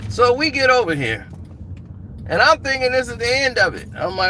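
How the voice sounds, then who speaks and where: A man with a noticeably high voice spins a casual, slangy story, chuckling as he goes. He talks over plain traffic and street noise outdoors, with cars audible behind him. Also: sing-song, normal speed, sharp tone. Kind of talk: casual anecdote. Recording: noisy outdoor traffic sound. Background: street and car noise.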